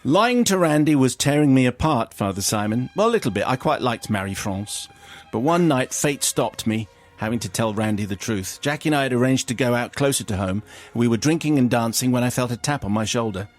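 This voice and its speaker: A man's voice: mid-range voice, lively intonation, fairly quick, soft background music. A male radio host in a studio, reading a listener's confession aloud with wry storytelling.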